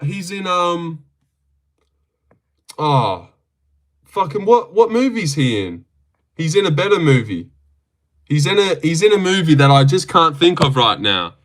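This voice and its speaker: A man's voice: on the high side, sing-song, measured pace, pauses often, a bit bright. A young man with an Australian accent hosting a casual livestream, joking, swearing freely and reading chat aloud. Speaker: streamer host.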